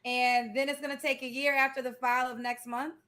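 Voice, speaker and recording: A woman hosting a dating show, asking quick and teasing questions. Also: high voice, flat delivery, pushed and bright. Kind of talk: casual interviewing.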